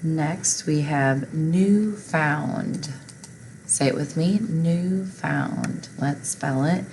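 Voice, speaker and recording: A woman's voice: sits low, extremely slow, darkish tone, a little hiss or hum, low-quality recording. A woman teaching a phonics lesson, patiently reading word lists and spelling words out, asking listeners to repeat after her.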